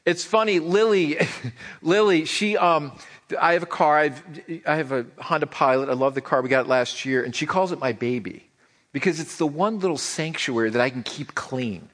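A man's voice: fairly high pitch, moderate pace, a bit bright. A middle-aged man preaching a sermon as pastor, conversational and joking, often repeating words as he starts a sentence.

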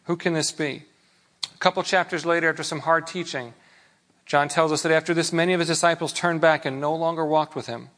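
A man preaching a sermon in a relaxed, conversational way, with rhetorical questions and frequent restarts. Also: fairly high pitch, quick pace. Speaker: pastor.

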